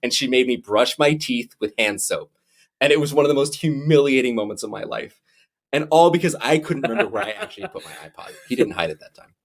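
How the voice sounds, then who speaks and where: A young man co-hosting a podcast, telling a personal story in a lively, animated way. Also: medium pitch, fast talker, creaky. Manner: animated storyteller, acts out quotes. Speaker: podcast co-host. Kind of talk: casual chat, storytelling.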